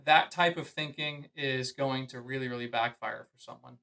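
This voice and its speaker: Male golf coach, bright tense tone, mid pitch, emphatic podcast advice. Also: fairly even intonation, normal speed, poor audio. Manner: earnest, emphatic advice with frequent "I mean" and "you know". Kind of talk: podcast conversation.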